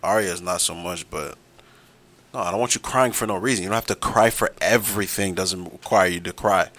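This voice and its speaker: A man's voice: deep voice, fairly quick, a bit bright. A man in a casual podcast chat, talking bluntly and unapologetically with plenty of swearing. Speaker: podcast co-host.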